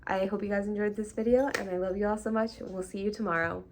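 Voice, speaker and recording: Chatty young woman with a gravelly edge. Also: mid-range voice, steady tone, fast talker, a little hiss or hum. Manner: chatty, lots of likes and ums, half-laughing. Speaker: vlogger. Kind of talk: casual storytime vlog.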